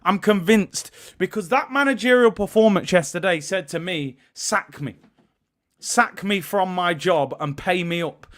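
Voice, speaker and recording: A man in his early thirties, possibly, hosts a live football stream. His voice sits high and bounces around a lot as he shouts out viewers and reads their super chats. The chat is loose and streetwise. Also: measured pace. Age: 30s. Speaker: host of a football watch-along stream.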